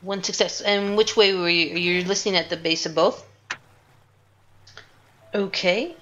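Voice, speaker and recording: A woman runs a tabletop game at an unhurried pace. She narrates with hesitations and restarts. The recording is dull and lo-fi. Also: fairly low pitch, fairly even intonation, a bit bright, a little hiss or hum. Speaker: game master.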